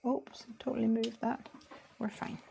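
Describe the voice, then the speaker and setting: A woman's voice: medium pitch, takes it slowly, slight background noise. A woman hosting a casual crafting livestream, chatting through each step as she works.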